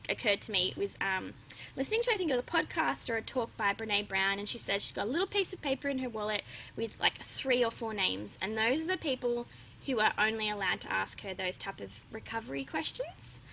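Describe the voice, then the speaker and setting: Chatty woman with a bright voice. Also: a little high, expressive, a little fast, creaky, slight background noise, poor audio. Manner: open, chatty, laughs often, many fillers. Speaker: guest. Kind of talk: casual interview chat.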